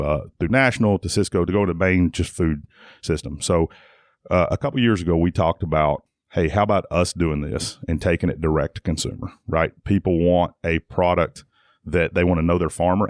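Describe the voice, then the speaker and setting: Deep-voiced man telling stories. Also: no echo, clean studio sound. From Tennessee. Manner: rambling, frequent restarts and "like" fillers. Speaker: guest, jiu-jitsu academy owner. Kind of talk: casual conversational storytelling.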